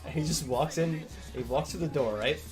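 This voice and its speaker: A man's voice: on the high side, normal speed, music in the background. A young man casually telling a long story on stream, rambling and swearing a lot, acting out the lines of the people in it.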